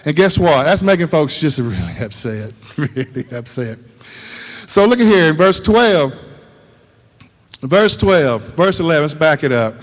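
A man preaching a sermon in a folksy, animated way, repeating lines for emphasis. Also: high-pitched. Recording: reverberant hall.

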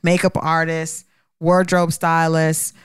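A woman's voice: low-pitched, completely flat delivery, takes it slowly, clean tone, no echo, studio quality. A woman co-hosting a casual podcast chat. She laughs, sounds exasperated, and stumbles over her words. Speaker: podcast co-host. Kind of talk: casual banter.

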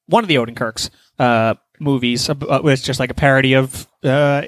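A man's voice: medium pitch, brisk, dry recording. A man chatting casually on a podcast, rambling and swearing freely as he tells a story. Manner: rambling, profane, animated storytelling. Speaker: podcast host. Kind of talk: casual chat.

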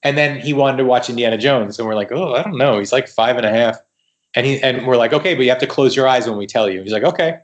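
A man guesting on a podcast tells stories in a casual, lively way. He acts out the quoted dialogue and often restarts a sentence mid-thought. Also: medium pitch, fast talker, lo-fi sound. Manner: animated retelling with quoted dialogue and frequent restarts. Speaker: guest writer. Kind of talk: casual storytelling in a podcast interview.

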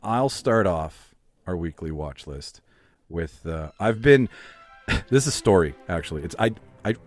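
Lively low-voiced man hosting a podcast. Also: a little slow, soft background music. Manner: loose, profane, laughs often. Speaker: podcast host. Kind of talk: casual podcast chat.

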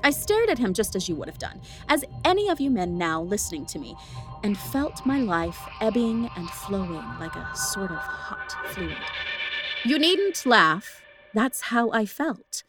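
A woman podcast host reading a ghost story aloud, expressive, with casual asides to listeners. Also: medium pitch, unhurried, music in the background. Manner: expressive, laughs at the text between passages.

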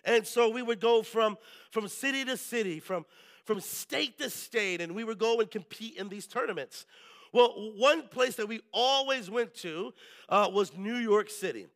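Male preacher, bright forceful tone, lively sermon storytelling, asks the crowd "right?". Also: high-pitched, a little slow. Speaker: pastor.

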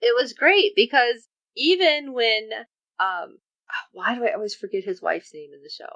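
Lively woman recapping a TV episode. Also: fairly high pitch, normal speed, no room sound. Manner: animated, acts out characters' lines. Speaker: podcast co-host. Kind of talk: casual TV recap chat. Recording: dull lo-fi recording.

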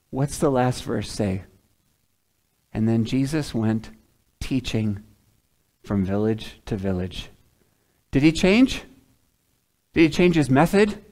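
A man's voice: on the high side, a little mellow. A man preaching a sermon in a conversational way, asking the congregation questions and acting out the voices of the people in the story. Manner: conversational, dramatizes voices of townspeople. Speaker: pastor.

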